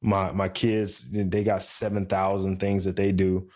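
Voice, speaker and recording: A middle-aged man on a podcast, chatting casually and telling an animated story, acting out the voices of the people in it. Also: deep voice, measured pace. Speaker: podcast co-host. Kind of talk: casual chat.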